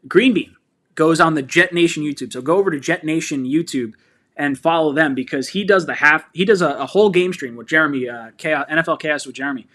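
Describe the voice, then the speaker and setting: Fired-up man hosting a fan stream. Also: a little high. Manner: excitable and fired up, laughing and shouting. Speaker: sports fan channel host. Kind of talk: live-stream chat reading viewer comments.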